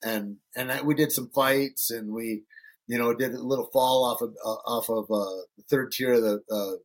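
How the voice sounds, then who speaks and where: A man's voice: medium pitch, steady tone, normal speed. A middle-aged man from Northern Michigan, a podcast guest telling casual stories, loose and profane, acting out the voices of people he quotes. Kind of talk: casual storytelling.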